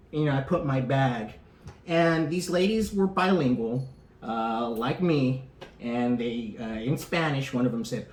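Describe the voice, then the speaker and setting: A man's voice: medium pitch, unhurried. A man co-hosting a podcast, telling a long story casually and with lots of swearing, acting out the people in it. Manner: profane, animated, acts out the people in his story. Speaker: podcast co-host. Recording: roomy echo.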